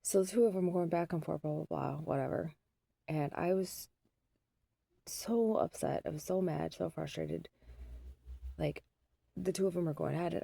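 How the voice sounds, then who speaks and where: A woman with a low, mellow voice and a gravelly edge tells a story from home as a mother. She rambles and pokes fun at herself, with plenty of ums and restarts. The sound is dry and close. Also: unhurried, long pauses, dry recording. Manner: rambling and self-deprecating, with many fillers.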